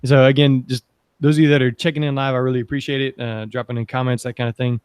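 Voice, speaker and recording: A mid-pitched man hosts with an upbeat, chatty flow, wandering into asides and then pulling the talk back on track. The sound is close and dry. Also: little pitch movement, fast talker, darkish tone, smooth, no echo. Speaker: podcast host. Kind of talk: casual panel discussion.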